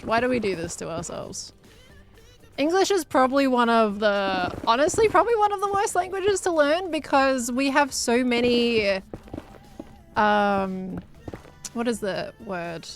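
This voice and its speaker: A woman's voice: fairly high pitch, expressive, unhurried, faint music behind. A young adult woman streaming casually, answering chat messages and laughing often.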